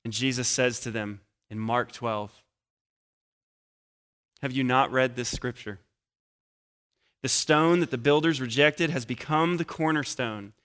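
Dramatic preaching man, loud then hushed. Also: mid-range voice. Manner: dramatic swings between loud emphasis and hushed pauses; searching aloud with restarts while finding passages. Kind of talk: sermon.

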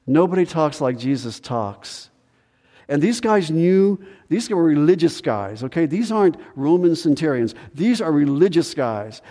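A man preaching a sermon as pastor, animated, acting out the voices of people in the story. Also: a little high, unhurried, long reverb tail. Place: church sanctuary.

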